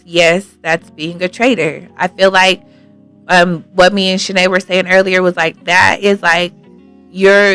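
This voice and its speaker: A woman's voice: on the low side, a bit bright. Earnest woman hosting an advice show. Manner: earnest, thinks aloud with many fillers. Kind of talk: casual advice talk, reading viewer comments.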